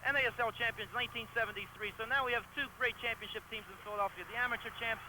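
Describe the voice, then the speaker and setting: Fast-talking enthusiastic soccer color man. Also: very high-pitched, steady tone, sharp tone, slight background noise, poor audio. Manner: enthusiastic, partisan, quick analysis. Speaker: color commentator. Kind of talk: live soccer analysis.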